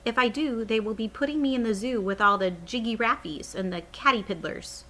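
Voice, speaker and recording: A gentle old giant who talks in a folksy, mangled way and stubbornly refuses to budge, as a woman reading a storybook aloud puts him on. The tone stays bright and clear, close to the reader's own voice. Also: fairly high pitch, fairly quick, voice pushed up, natural voice. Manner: stubborn, folksy, jumbled grammar.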